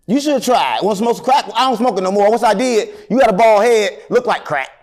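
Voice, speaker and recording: A man tells long, rambling stories in a casual interview. He is animated and jokes with a straight face. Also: high voice, quick pace. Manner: animated, rambling, deadpan joking. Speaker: interview guest.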